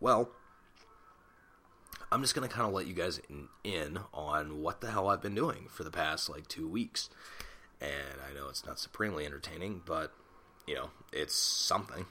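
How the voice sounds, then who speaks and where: A man's voice: extremely low pitch, normal speed, bright, forceful tone. A man in his twenties hosting a solo podcast on a desktop mic at home, rambling and self-conscious, swearing casually. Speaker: podcast host. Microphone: desktop USB mic.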